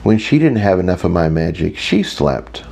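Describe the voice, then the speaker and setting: A man's voice: low voice, big pitch swings, moderate pace, creaky, darkish tone. A man reading a first-person audiobook as a wry, self-mocking inner monologue. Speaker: audiobook narrator.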